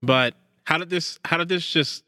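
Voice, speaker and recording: A man's voice: on the high side, moderate pace, bright, forceful tone, no room sound, clean studio sound, soft background music. A man hosting a podcast in casual chat, teasing his co-hosts and laughing often. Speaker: podcast host.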